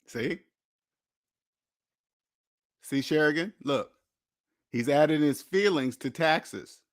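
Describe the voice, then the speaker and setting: A man's voice: a little high, slow, no echo. Blunt lecturing man, dry close sound. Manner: blunt, lecturing, repeats points for emphasis. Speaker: host. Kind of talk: casual monologue.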